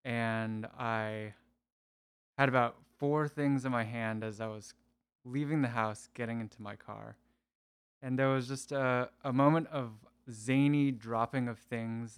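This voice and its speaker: A man's voice: medium pitch, clear, resonant tone. A young man in graduate school, a podcast guest, talking casually in short, hesitant answers. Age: young adult. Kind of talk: casual chat.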